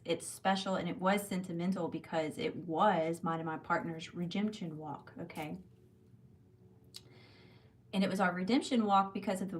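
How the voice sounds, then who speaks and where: This is a woman in her thirties with a drawl, hosting a live tarot reading. Her voice sits a little low, and she talks in a loose, rambling way, calling her viewers "y'all" and tagging "okay?" onto her points. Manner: chatty, warm direct address with many "okay?" and "y'all". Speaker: tarot reader on a livestream.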